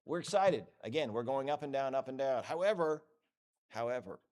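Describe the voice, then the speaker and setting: A man giving a lively, joking lecture at a conference, acting out what others say. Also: medium pitch, a little fast. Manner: lively, joking, acts out quoted voices. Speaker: conference speaker. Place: conference hall.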